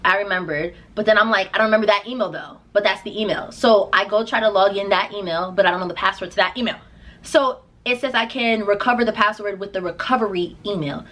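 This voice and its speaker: A young woman telling a casual storytime vlog, acting out her own quotes with big jumps in pitch. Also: fast talker, fairly bright tone. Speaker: singer and vlogger.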